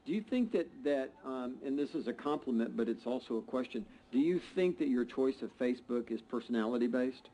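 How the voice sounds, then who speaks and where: Mellow guy hosting a panel, keeps stammering and restarting mid-thought. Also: medium pitch, animated, a little fast, hardly any pauses, poor audio. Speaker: panel host. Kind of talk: casual panel talk.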